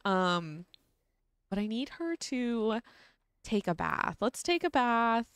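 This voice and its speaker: A woman's voice: fairly high pitch, sing-song, slow pace, a bit bright, clear, resonant tone, dry recording, clean studio sound. A young woman casually narrating her life-sim gameplay, chatty and giggly with lots of ums. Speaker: gaming channel host. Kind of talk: casual let's-play narration.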